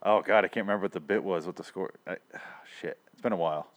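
Male podcast co-host, lower voice, laid-back profane banter. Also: fast. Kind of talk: casual chat.

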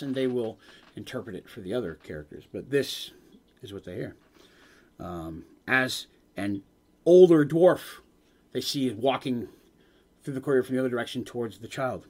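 A man's voice: medium pitch, a little mellow. A man acting as game master, retelling a tabletop game session in dramatic narration with casual asides.

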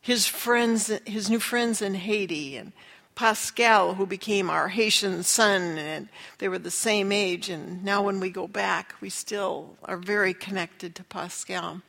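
Her mid-range voice is a bit bright, with vocal fry and fairly even intonation, moving at a measured pace. This middle-aged woman earnestly tells her testimony of faith, voicing the characters she quotes, all under a long hall reverb.

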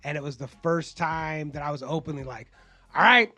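A man from South Bay, California, a comedian guest telling profane, animated stories in a casual podcast chat. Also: on the high side, fairly quick, faint music behind.

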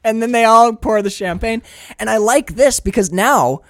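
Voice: medium pitch, normal speed, no room sound, clean studio sound. A podcast co-host in casual movie chat, retelling scenes with lots of swearing and laughter.

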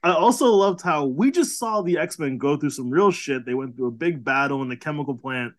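Casual co-host, a man with a slightly high voice, laughs often and acts out quotes. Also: lively intonation. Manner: laughs often, retells scenes with quick acted quotes. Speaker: podcast co-host. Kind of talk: casual chat recapping a cartoon episode.

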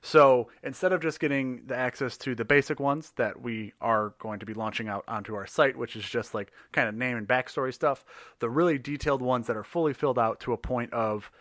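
A man's voice: medium pitch, a little fast, fairly bright tone, no echo, clean studio sound. A man co-hosting a podcast, chatting casually with many fillers and frequent laughs. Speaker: podcast co-host. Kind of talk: casual chat.

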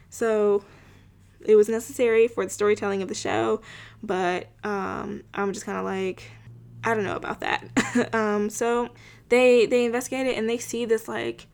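A woman's voice: a little high, fairly even intonation, moderate pace, creaky. A young woman casually recapping a TV episode, chatty and full of filler words, with wry asides. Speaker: show recapper.

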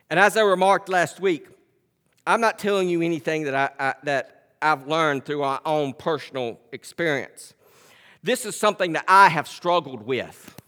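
A male pastor delivers a sermon in a high, bright voice. He moves from loud, drawn-out scripture reading to soft, chatty storytelling. The sound has the long reverb of a church hall. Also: animated. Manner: swings from loud emphatic preaching to quiet conversational storytelling. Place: church sanctuary.

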